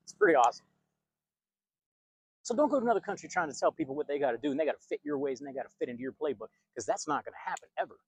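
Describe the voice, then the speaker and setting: A man's voice: on the high side, expressive, racing, husky. A man who works as a pastor and video host, from the United States, preaching in a blunt, emphatic and confrontational monologue.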